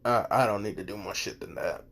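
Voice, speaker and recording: A man's voice: fairly low pitch, fairly even intonation, brisk, fairly bright tone, voice pushed down, natural voice. A man voicing a blunt, cool-headed teenage boy hero who talks in curt, casual slang and swears. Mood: laid-back.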